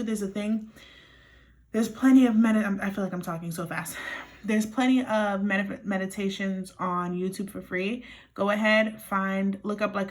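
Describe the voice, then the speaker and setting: A young woman giving a pick-a-card tarot reading, earnest and encouraging, talking fast with many restarts. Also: mid-range voice. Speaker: tarot reader.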